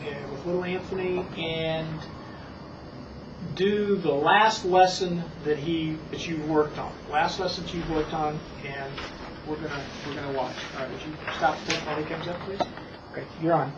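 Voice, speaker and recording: In this demonstration, a reading teacher coaches a young child with calm repetition and drawn-out, exaggerated words. The middle-pitched voice is distant and echoes around the room, and the old tape is muffled and hissy.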